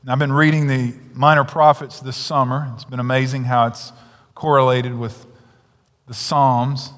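A man's voice: medium pitch, flat delivery, normal speed. Man preaching in an echoing hall. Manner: swings from loud emphatic preaching to hushed near-whisper. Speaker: pastor. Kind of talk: sermon. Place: church sanctuary. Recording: long hall reverb, church sanctuary.

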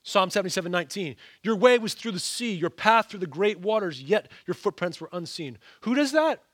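A man preaching a sermon in a fairly high voice. He asks his listeners rhetorical questions and swings from raised, emphatic lines to hushed ones. The sound is close and dry, with no room echo. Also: brisk, slightly rough. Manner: expressive, rhetorical questions to the congregation, sudden soft drops. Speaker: pastor.

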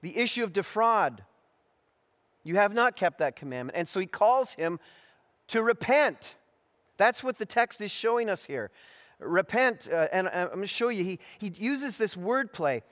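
A man with a fairly high voice preaches an expository sermon in a measured, deliberate way, often restarting and filling pauses. His voice carries a long reverb from a hall. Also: very animated, fairly bright tone. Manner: measured, deliberate delivery with frequent restarts and fillers.

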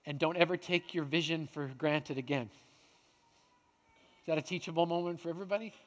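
A male pastor preaching a sermon, dramatic, swinging between hushed and loud. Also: on the high side, fairly quick. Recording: long hall reverb.

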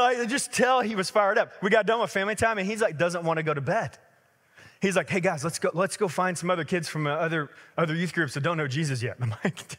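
A pastor in his thirties preaches a sermon, telling stories in a lively, conversational way full of fillers. His voice is high and fast, with a long reverb tail.

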